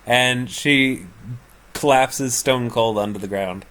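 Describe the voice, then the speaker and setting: A man running a tabletop role-playing game as game master, narrating in a relaxed, joking way. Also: mid-range voice, slow pace.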